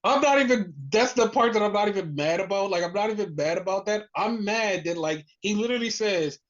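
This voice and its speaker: A podcast host retelling a wrestling show in casual chat, animated and full of fillers. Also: medium pitch, a little fast. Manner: animated storytelling, heavy use of "like". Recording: muffled lo-fi audio.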